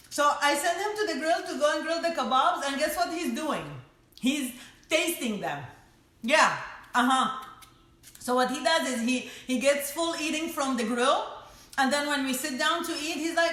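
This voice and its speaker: In a casual home cooking live stream, a woman with a high-pitched, pushed, bright voice and lively intonation talks at normal speed. She's chatty and teasing, laughing often with viewers. The room is echoey with faint noise.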